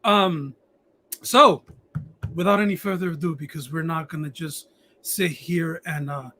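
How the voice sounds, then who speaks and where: A man's voice: on the high side, measured pace, pushed and bright, slight background noise. A man hosting a casual live-streamed podcast, swearing often and restarting his sentences. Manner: profane, rambling, stammering restarts. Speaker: podcast host.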